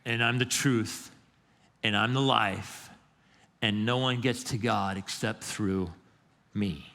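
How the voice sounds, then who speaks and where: Man playing a soft-spoken gentle teacher, low and steady, long echo of a church hall. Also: slow pace, vocal fry, heavily acted. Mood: solemn. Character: calm, reassuring male teacher, gentle and steady.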